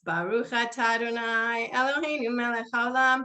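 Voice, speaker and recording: A woman's voice: on the high side, normal speed, pushed and bright. A woman rabbi leading a seder over a video call, chatty and laughing often, chanting Hebrew blessings.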